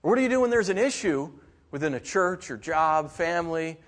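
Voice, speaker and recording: A middle-aged man preaching a sermon, telling a childhood story with lively, animated delivery and mimicking other voices. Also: on the high side, a little fast. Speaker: pastor. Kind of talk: sermon with personal stories.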